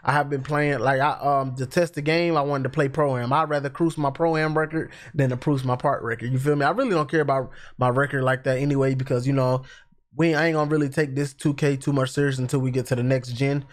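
A man's voice: medium pitch, fairly even intonation, a little fast. A man, a gaming YouTuber, gives hyped, chatty live gameplay commentary and talks straight to his viewers. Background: music.

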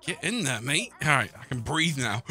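A man streaming a game with friends, loud and sweary, shouting in frustration. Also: medium pitch. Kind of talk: live gaming stream banter.

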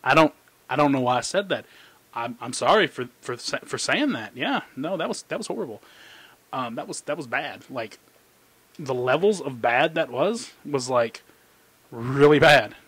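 A man hosting a casual card-pack opening commentary. He rambles excitedly, squeals with delight and mocks himself in quick asides. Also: mid-range voice, slightly rough, no echo. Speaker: channel host. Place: indoor room under an overhead light.

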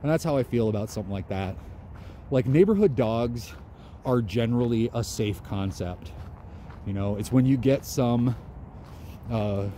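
A man's voice: mid-range voice, moderate pace, pauses often, warm tone, slight background noise. A man vlogging outdoors in a park, musing in a loose, conversational way. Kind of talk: casual outdoor monologue.

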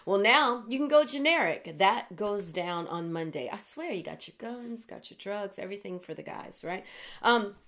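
A middle-aged woman hosting an online news show, talking casually with animated asides and laughing at herself. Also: medium pitch, normal speed. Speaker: host.

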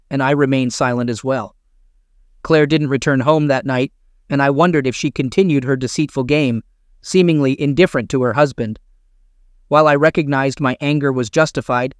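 A man reading a first-person story aloud as a narrator, in a steady, even storytelling manner, on a close mic. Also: fairly high pitch, clear, resonant tone, dry recording.

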